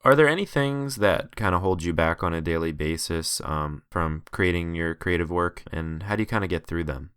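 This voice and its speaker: A man's voice: sits low, moderate pace, hardly any pauses, fairly bright tone, clear, resonant tone, no echo, studio quality. A man hosting a podcast interview, chatty and encouraging, with many fillers. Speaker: podcast host. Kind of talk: casual interview talk.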